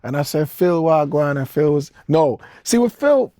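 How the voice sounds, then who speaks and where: A man's voice: on the high side, big pitch swings, moderate pace, warm tone, no echo, studio quality. A man in his forties, originally from the Caribbean, talking as an interview guest in a loose, rambling way that jumps between topics and is broken up by chuckles. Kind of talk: casual storytelling interview.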